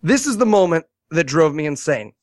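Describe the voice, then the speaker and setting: He's still the sarcastic podcast co-host with the high voice, now moving fairly quickly as he spins the movie's story with animated, quoted asides. It's a laid-back, funny review chat, and the room is acoustically dead.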